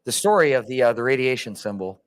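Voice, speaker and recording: Fast-talking male host, mid-pitch, playful questions. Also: lively intonation. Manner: joking, quick interjections. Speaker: podcast host. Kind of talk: casual live interview.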